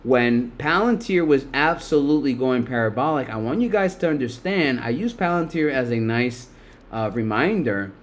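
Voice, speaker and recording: A man's voice: medium pitch, expressive, moderate pace. A middle-aged man hosting a casual live stock market stream, loose and profane, talking straight to his chat. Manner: loose, profane, talks to chat, laughs a lot. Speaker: livestream stock market host.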